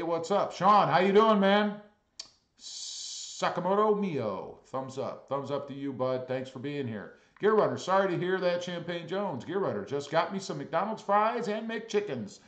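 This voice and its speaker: A man hosts a laid-back livestream and reads viewer comments aloud one by one. His voice sits a little high for a man and moves lively up and down. He greets each viewer in a friendly way and drops dry, teasing asides, recorded in an echoey room. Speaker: livestream host.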